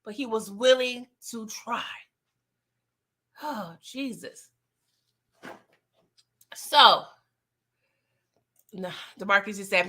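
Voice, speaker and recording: A woman hosting a casual TV recap, animated and laughing as she acts out the scenes. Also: medium pitch, drawn-out words, pauses often. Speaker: TV recap host. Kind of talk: casual chat.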